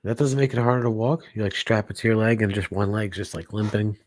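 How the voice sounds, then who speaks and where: Male co-host, low voice, dry close mic, wisecracking, swears a lot. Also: fairly even intonation, no room sound. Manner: wisecracking, quick crude jokes. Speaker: podcast co-host. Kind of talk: casual profane chat.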